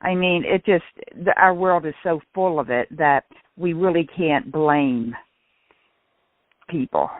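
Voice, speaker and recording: A woman's voice: sits low, dry recording. Earnest woman on a tinny radio line. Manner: earnest, with restarts and slow emphasis. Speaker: guest speaker on shame and guilt. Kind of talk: casual radio talk. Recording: tinny phone-like radio sound.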